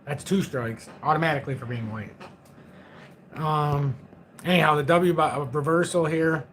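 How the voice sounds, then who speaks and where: A man's voice: a little high, normal speed, a bit bright, a little hiss or hum. A man in his forties hosting a crypto livestream, chatting casually in a rambling, joking, self-mocking way. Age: 40s.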